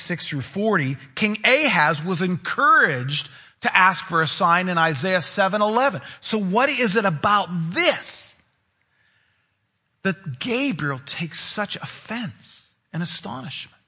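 A male pastor delivering an expressive, emphatic sermon, leaning on dramatic pauses. His voice is bright and husky and sits a little high for a man.

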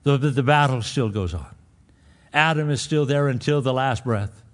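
A man's voice: medium pitch, normal speed. A man preaching a sermon in a church, talking conversationally and acting out the voices of his listeners. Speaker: pastor.

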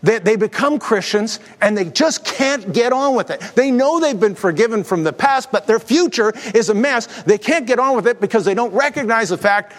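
A man's voice: sits high, lively intonation, normal speed, few pauses, fairly bright tone. A man preaching a sermon, telling stories with jokey asides and acting out the voices of the people in them. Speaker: pastor. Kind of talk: sermon with storytelling and jokes. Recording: long hall reverb.

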